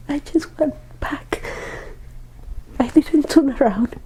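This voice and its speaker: A woman, a hypnosis client recounting memories in a halting, hushed, often whispered, trance-like way. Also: high voice, poor audio. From Ecuador.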